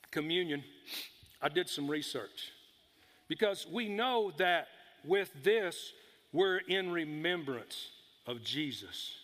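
A middle-aged pastor with a high voice tells a folksy story to his congregation, talking straight to the people in front of him. His tone is bright and forceful. The sound rings with a long reverb from a large church hall. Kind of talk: storytelling sermon. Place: church sanctuary.

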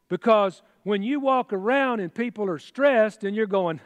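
A man's voice: high-pitched, animated, a little fast, hardly any pauses, dry recording, big-room sound. A man preaching a sermon in a folksy, exclamatory way, with chatty asides. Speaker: pastor.

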